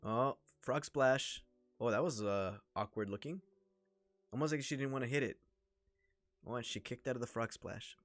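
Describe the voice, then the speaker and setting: A man with a Toronto accent, giving chatty, excitable commentary during a wrestling watch-along livestream. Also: mid-range voice, fairly quick, pauses often, dry recording, soft background music. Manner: chatty, excitable, reacts to the action. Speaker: livestream host.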